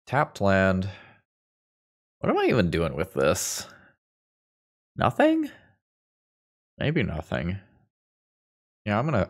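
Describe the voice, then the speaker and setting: A man's voice: sits low, vocal fry. A young man with a congested voice giving casual commentary on a card game as he plays, thinking aloud with dry quips. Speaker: Magic gameplay video host.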